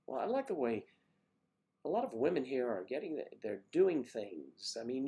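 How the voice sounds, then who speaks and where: An older man hosting a casual livestream, chatting warmly with viewers by name and rambling through stories. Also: medium pitch, sing-song, normal speed. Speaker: livestream host reading viewer comments. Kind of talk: casual chat.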